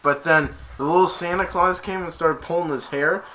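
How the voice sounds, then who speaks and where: A young man, an amateur reviewer, excitedly retells a movie scene by scene and acts out the characters' lines. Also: on the high side, moderate pace.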